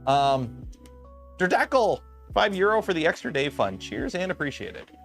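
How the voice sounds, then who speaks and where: A man's voice: fairly high pitch, very animated, normal speed, a bit bright, faint music behind. A man with a slight lisp, hosting a casual livestream and rambling with lots of "um" and restarts. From Canada. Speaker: livestream host.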